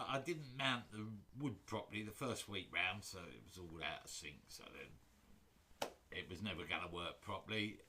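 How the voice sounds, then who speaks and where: A man's voice: on the low side, bright, forceful tone. A man hosting a woodturning livestream from his workshop, chatting casually with viewers in a jokey, rambling way. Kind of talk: casual chat greeting live viewers. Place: home workshop.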